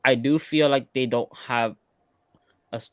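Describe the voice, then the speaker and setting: A man co-hosting a casual reality TV recap podcast, talking in a relaxed, hesitant way with many fillers. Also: mid-range voice, unhurried, dry recording. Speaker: podcast co-host.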